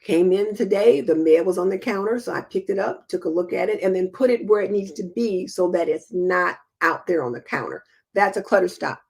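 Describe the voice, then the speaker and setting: A woman's voice: mid-range voice, brisk, gravelly, husky. A middle-aged woman hosting a home show in casual live-stream chat, reading viewer comments and answering in a chatty, homey, practical way. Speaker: host.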